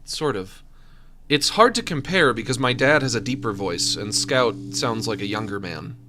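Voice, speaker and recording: Streaming a game, a man of medium pitch rambles and cracks jokes, addressing both himself and his viewers. He speaks expressively at normal speed in casual commentary, with game music and other background noise audible.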